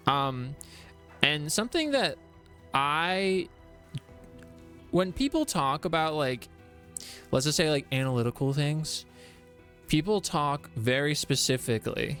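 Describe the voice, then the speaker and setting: A man's voice: on the high side, fairly bright tone. Male streamer, chatty lore-explainer, fillers and restarts, light music bed. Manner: rambling, explains game lore with many fillers; reads chat aloud and greets viewers. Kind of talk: casual live-stream chat.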